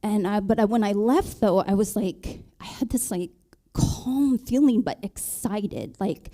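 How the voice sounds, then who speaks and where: A married woman on a panel, telling her conversion story in a halting way, with many ums and restarts. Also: mid-range voice, warm tone. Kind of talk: personal testimony in a panel talk.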